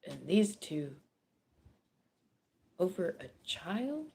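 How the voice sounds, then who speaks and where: A woman giving a casual tarot reading, chatty and animated, with frequent laughter and swearing. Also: lowish voice, extremely slow, vocal fry. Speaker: tarot reader. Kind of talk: casual spoken card reading.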